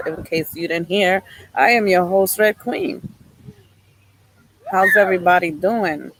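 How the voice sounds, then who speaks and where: Bright-voiced woman hosting a live stream. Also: on the low side, measured pace, pauses often, no echo, low-quality recording. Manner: chatty, upbeat, greets viewers by name. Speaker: live show host. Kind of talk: casual live-stream chat. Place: outdoors by a lake.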